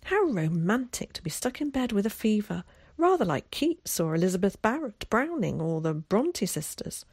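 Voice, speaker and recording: A woman voicing an excitable, theatrical boy who chatters eagerly. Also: mid-range voice, moderate pace, breathy edge, dry recording, clean studio sound, voice pushed up. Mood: teasing.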